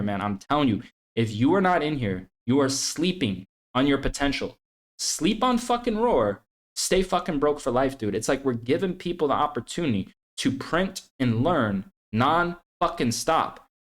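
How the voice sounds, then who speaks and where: A man hosting a trading group vlog, swearing constantly and hard-selling membership with repeated slogans. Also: fairly high pitch. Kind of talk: hyped promotional vlog rant.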